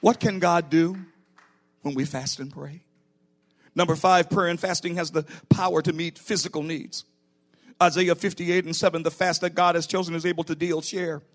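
A man's voice: on the high side, steady tone, moderate pace. A middle-aged man preaching a sermon in a church as pastor, building to emphatic bursts.

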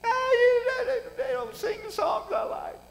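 A preacher mimicking a whiny complaining churchgoer. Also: male voice, very high voice, sing-song, a little slow, reverberant, a crowd in the background, voice pushed up, heavily acted. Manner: crying, shouting complaints. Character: whiny self-centered adult churchgoer complaining like a baby.

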